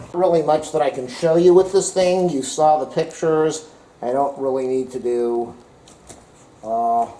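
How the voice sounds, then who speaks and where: A man's voice: medium pitch, warm tone, a little hiss or hum. Rambling man filmed from across a room. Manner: rambling, joking, thinks aloud. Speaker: product reviewer. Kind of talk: casual home product review. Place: home, corner by the front door. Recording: roomy, distant camera audio.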